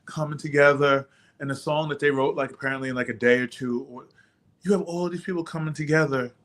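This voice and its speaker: Brief: male co-host, steady explainer, somewhat high voice, casual chat. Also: fast. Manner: steady, explaining, backchannels often.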